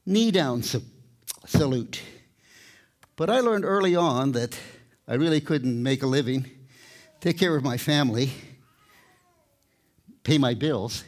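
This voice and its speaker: An older man, a tightrope walker, giving a live talk with storytelling and light humor, out of breath at times. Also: fairly high pitch. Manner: storytelling, warm humor, pauses to catch breath. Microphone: microphone, speaking to a live audience.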